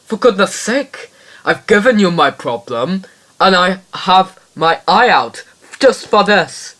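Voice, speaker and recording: A man's voice: high voice, animated, slow pace, bright, forceful tone, exaggerated voice. A man doing an impression of a fretful former TV star in a comedy phone call sketch, fussy and indignant. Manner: fussy, indignant, rambling complaints.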